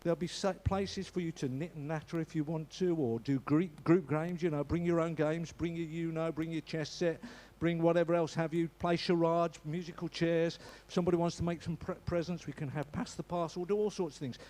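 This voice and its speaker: A man's voice: fairly high pitch, fairly even intonation, a little fast, few pauses, mellow. A man giving an informal church notice in a chatty, joking way, often restarting his sentences. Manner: chatty, jokey, with frequent restarts and stumbles.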